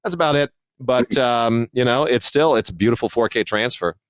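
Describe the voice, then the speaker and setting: A man's voice: mid-range voice, normal speed, a bit bright, dry recording, clean studio sound. A man co-hosting a podcast about film releases, talking in a thoughtful, digressive way with many restarts and fillers. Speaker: podcast co-host reviewing home video releases. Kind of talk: casual podcast discussion.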